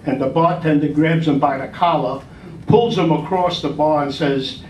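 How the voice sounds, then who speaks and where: A man's voice: fairly high pitch, normal speed. Older man telling a joke in a hall. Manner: plain, steady storyteller voicing the dialogue. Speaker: club member telling a joke. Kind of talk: live joke telling to a club audience. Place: large room at a club meeting. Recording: echoey hall from far off, faint noise.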